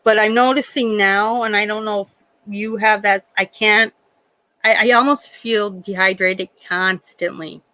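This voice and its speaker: A woman's voice: medium pitch, a little slow, dry recording, rough recording. A woman working as a nurse, chatting casually with frequent laughter while acting out bits of dialogue. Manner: chatty, animated, often laughing, acts out dialogue. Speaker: nurse and livestream host. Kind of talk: casual storytelling chat.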